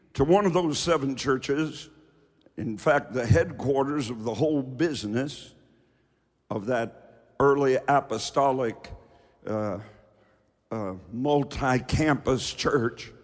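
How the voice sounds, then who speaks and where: A man preaching a fiery sermon from the pulpit, dropping to low asides and rising to shouted refrains. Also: takes it slowly, long pauses. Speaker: pastor. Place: church sanctuary with reverb. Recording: hall reverb from a large church.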